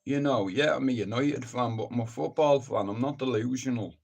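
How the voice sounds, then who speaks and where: Middle-aged guy ranting on a live stream, blunt and sweary, rambles on, mid-pitched voice. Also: a little fast, gravelly, darkish tone, husky. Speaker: livestream host. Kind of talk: casual live-stream rant.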